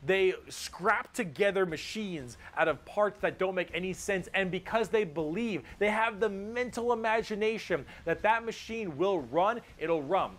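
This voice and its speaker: A man narrating a comedic explainer video in an excitable, jokey manner, swearing freely. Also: high-pitched, unhurried, hardly any pauses. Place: played from a video inside a reaction stream.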